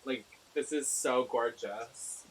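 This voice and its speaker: A man streaming a game live, talking in excitable, emotional commentary and swearing freely. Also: medium pitch, takes it slowly, slight background noise.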